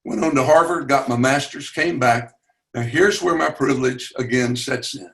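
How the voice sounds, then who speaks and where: A man in his eighties with a Southern US accent, telling personal stories earnestly on a video call, halting with fillers and raising his voice at dramatic moments. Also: mid-range voice, a bit bright. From Chattanooga, Tennessee. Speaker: webinar guest speaker. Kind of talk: personal storytelling.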